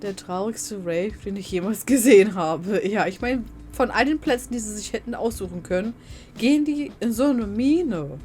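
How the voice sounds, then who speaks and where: A woman playing a story game and chatting about it, with lively reactions and quick asides. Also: mid-range voice. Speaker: video game streamer. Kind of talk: casual let's-play commentary. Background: faint game music.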